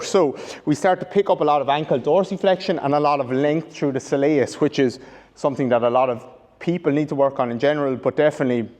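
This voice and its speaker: A man's voice: on the high side, darkish tone. Man coaching an exercise in an echoey room. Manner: explanatory, restarts and corrects himself. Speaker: rehab coach. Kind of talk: instructional demonstration. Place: training room with a whiteboard. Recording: long reverb in a large room.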